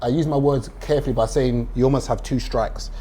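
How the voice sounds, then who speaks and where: A man's voice: mid-range voice, fairly even intonation, brisk, mellow, a little hiss or hum. A man in his thirties hosting a casual podcast interview, asking questions and laughing easily. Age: 30s. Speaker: podcast host.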